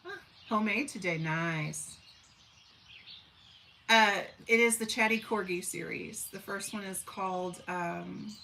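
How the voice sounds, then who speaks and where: A woman in her forties from southern Missouri hosts a casual live stream, reading comments, chatting folksily with viewers and talking to her dogs. Her medium-pitched voice is bright and forceful, though the recording is rough with a little hiss or hum.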